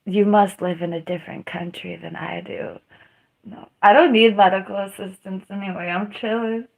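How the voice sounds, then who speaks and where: A woman's voice: medium pitch, fairly even intonation, normal speed, gravelly, poor audio. A young woman chatting casually on a live stream while in pain and tearful, rambling, laughing through it and groaning. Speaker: livestreamer.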